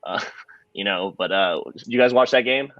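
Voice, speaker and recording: A man's voice: on the low side, lo-fi sound, a loud crowd. A man hosting a casual sports podcast, joking and steering the talk from topic to topic. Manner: fast, jokey, leads the topics. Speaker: podcast host.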